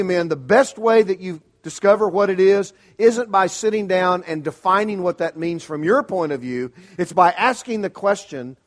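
A middle-aged man preaching from the pulpit with a slightly high voice. He speaks earnestly and emphatically and leans on pointed rhetorical questions to press his listeners. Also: fairly bright tone. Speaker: pastor. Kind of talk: sermon.

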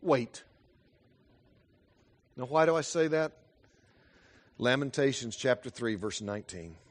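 A middle-aged male pastor delivering a sermon in a church, with a voice of ordinary medium pitch. He tells stories earnestly, dropping to a hush and then rising to emphatic passages. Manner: earnest, storytelling, swings from hushed to emphatic.

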